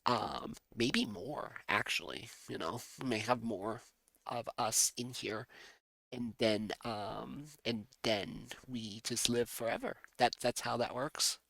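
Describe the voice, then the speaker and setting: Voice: mid-range voice, slow pace, creaky, a bit bright, no room sound. Giggly streamer rambling while drawing, dry close desk mic. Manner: playful, rambling, giggly asides. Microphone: desk microphone.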